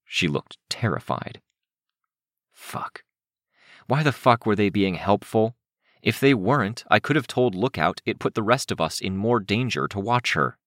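Man, audiobook narrator, very deep voice, lively intonation. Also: normal speed, no room sound, clean studio sound.

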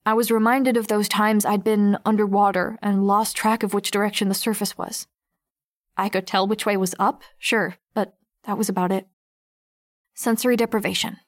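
A wary teenage girl, read by a woman, narrates her own story in an audiobook. The voice is mid-pitched and steady with an edge of tension. The recording is dry and close. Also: normal speed, dry recording, close to an everyday voice. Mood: tense. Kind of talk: first-person audiobook narration.

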